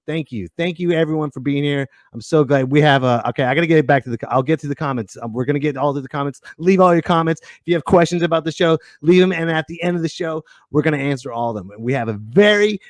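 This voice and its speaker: A man's voice: mid-range voice, no room sound, studio quality. A middle-aged man hosting a live podcast in casual chat, joking and laughing often. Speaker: podcast host.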